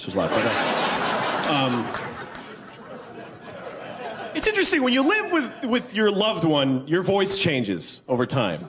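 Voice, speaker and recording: Offbeat man doing stand-up, very lively. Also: mid-range voice. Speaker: stand-up comedian. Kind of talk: stand-up set. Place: comedy club stage. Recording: noisy club with loud audience.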